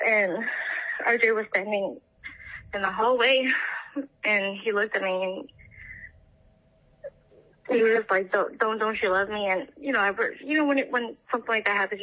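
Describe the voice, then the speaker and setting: A young woman recounting a painful night in an interview, halting and full of fillers and restarts. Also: fairly high pitch, steady tone, lo-fi sound. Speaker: interviewee, partner of the missing man. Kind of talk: emotional personal account.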